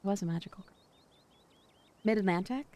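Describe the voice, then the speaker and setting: A woman's voice: medium pitch, a little fast, darkish tone. A woman streamer chatting casually and playfully while reading through a game, sometimes whining in mock pleading. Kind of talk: casual livestream chat while reading a visual novel.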